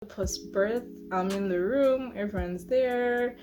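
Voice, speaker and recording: Young woman vlogger, casual storyteller, filler-heavy and animated, mid-range voice, faint music underneath. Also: medium pitch, slow. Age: 20s.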